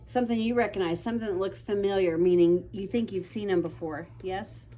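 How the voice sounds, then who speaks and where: A woman's voice: medium pitch, fairly quick, warm tone, lo-fi sound, a little hiss or hum. A young woman teaching a class of children, patient and encouraging, calling on pupils by name. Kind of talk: classroom vocabulary lesson.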